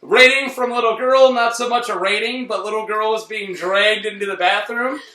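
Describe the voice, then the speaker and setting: A man hosting a casual movie review chat, excitable and rambling, often cutting himself off mid-sentence. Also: sits high, normal speed, slight background noise. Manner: excitable, rambling, self-interrupting. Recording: roomy, distant mic.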